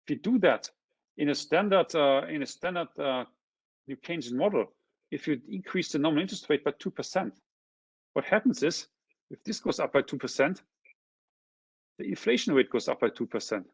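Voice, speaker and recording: A man presenting an economics seminar, walking through a figure step by step and often checking in with a quick "huh?". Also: on the high side, expressive, slightly rough, dry recording. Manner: checks in with frequent tag questions. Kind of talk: academic lecture explaining graphs.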